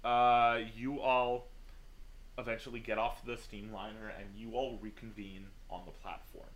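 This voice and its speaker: A male game master narrates a tabletop session, easygoing and peppered with fillers. He speaks at a medium pitch and a slightly slow pace.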